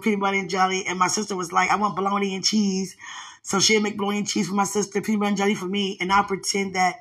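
A woman's voice: lowish voice, pushed and bright. A woman sharing a religious testimony in a fervent, rambling way, with many restarts and fillers. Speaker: speaker sharing a spiritual testimony.

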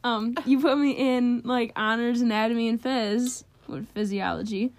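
A woman's voice: a little high, steady tone, moderate pace, darkish tone, no room sound. A teenage girl co-hosting a casual chat, bubbly and full of "like" and slang. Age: teens. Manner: bubbly, lots of "like", playful slang. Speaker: podcast co-host, daughter.

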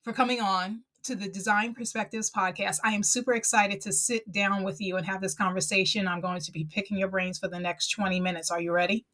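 A woman's voice: medium pitch, fairly even intonation, a little fast, hardly any pauses, fairly bright tone. A woman with a New York accent hosting a podcast interview, chatty and enthusiastic with frequent fillers. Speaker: podcast host.

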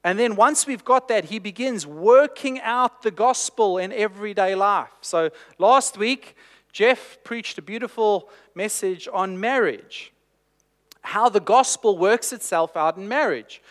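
A man's voice: sits high, a little slow, fairly bright tone, long reverb tail. A man preaching a sermon, telling a personal story with self-deprecating humor.

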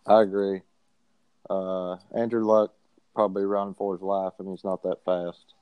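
A man with a low voice talks football in a loose, slangy way. He makes cocky predictions with total confidence. The sound is dry and close. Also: flat delivery, normal speed, clean tone, no echo, narrow, tinny audio. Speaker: co-host picking games. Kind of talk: casual sports chat.

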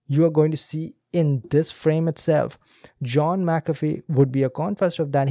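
This man's voice sits in the mid-range with a warm tone, recorded cleanly in a studio with no room sound. He is an Indian podcast host and speaking coach giving teacherly commentary on a video clip, speaking straight to listeners.

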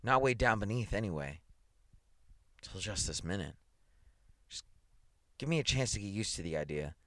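A man's voice: fairly low pitch, lively intonation, moderate pace, fairly bright tone, dry recording. A man doing a jittery, wisecracking newspaper man. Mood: defensive. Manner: defensive, blustering, slangy. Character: nervous, wisecracking male newspaper columnist.

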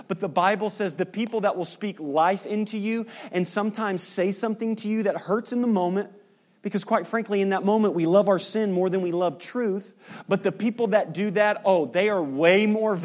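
A middle-aged male pastor delivers a lively sermon, slightly high in pitch. He acts out the people he quotes with sudden leaps in pitch. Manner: animated preaching, acting out quotes with big jumps in pitch.

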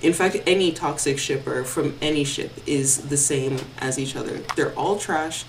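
A woman's voice: sits low, normal speed. A young woman co-hosting a podcast in a casual, rambling way, using many fillers and slang. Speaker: podcast co-host. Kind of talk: casual chat. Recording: from a distance with faint noise.

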